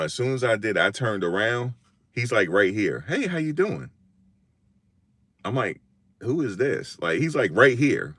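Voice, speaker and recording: A man from Virginia hosts a casual live stream. His voice sits very low, and he talks in slang, acting out the lines of the people in his stories. The sound is dry and close. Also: no echo. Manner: animated slangy storytelling, acts out quotes.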